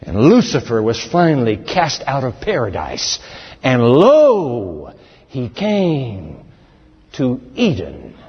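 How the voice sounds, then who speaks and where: A man's voice: mid-range voice, huge pitch swings, slow, breathy edge. A man preaching a sermon, emphatic and dramatic, speaking straight to the congregation. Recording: dull sound with long hall reverb.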